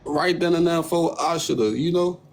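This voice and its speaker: This young livestream host has a somewhat high, creaky voice and speaks at a normal pace, with slight background noise behind him. Streaming from his phone, he tells a casual, animated story full of swearing and mocks other people by imitating their lines.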